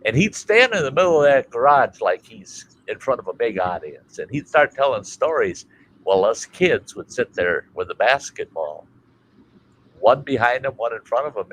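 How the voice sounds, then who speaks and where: A man from Minnesota hosting a casual chat stream, telling a family story in a colorful, animated way and swearing freely. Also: on the low side, a little hiss or hum, low-quality recording. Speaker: livestream host.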